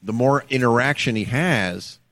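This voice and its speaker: A man from Florida, co-hosting a podcast and telling a story in a casual, animated way, acting out the voices he quotes. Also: medium pitch, normal speed, slight background noise. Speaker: podcast co-host.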